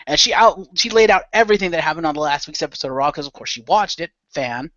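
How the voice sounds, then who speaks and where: A man's voice: fairly high pitch, expressive, fast, a bit bright, no room sound, highs cut off. A man chatting casually as a podcast guest, rambling through a story with fillers and swearing. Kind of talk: casual chat.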